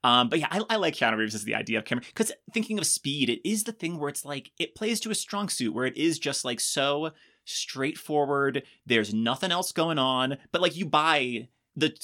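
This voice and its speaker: Man, bright tone, casual movie podcast co-host, chatty, laughs easily. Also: medium pitch. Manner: relaxed, chatty, quick asides and laughs.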